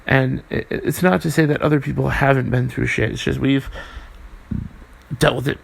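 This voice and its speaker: A young man hosting his own podcast, talking earnestly and haltingly with many restarts and fillers, swearing now and then. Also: medium pitch, steady tone, gravelly, slightly rough. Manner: swears casually. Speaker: podcast host. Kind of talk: casual solo podcast monologue.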